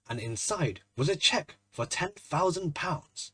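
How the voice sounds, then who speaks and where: A man narrating a classic short story in an expressive, measured reading. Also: mid-range voice, slightly rough, no echo.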